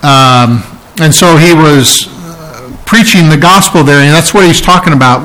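A man preaching a sermon as pastor, talking in a conversational way with restarts and fillers, reading and explaining Bible verses and rising in pitch for emphasis. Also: moderate pace, fairly bright tone, poor audio.

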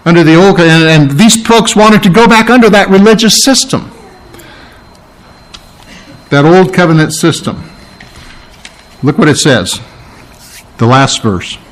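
A man preaching a sermon, emphatic and repetitive, pausing to explain Greek words. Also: a little high, animated, poor audio. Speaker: pastor.

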